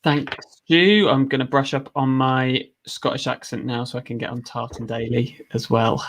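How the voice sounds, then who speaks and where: A man guesting on a football podcast, speaking in a relaxed, plain way over a video call. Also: mid-range voice, normal speed. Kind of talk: casual chat.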